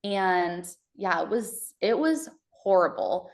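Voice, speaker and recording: A woman from Texas, a podcast guest, telling her birth story in a casual, halting way with many fillers and restarts. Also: lowish voice, expressive, creaky.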